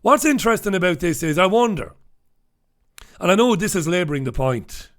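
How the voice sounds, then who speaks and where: Sarcastic ranting man, fairly high voice. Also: sing-song, fairly quick. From United Kingdom. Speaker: host. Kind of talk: scathing newspaper review monologue.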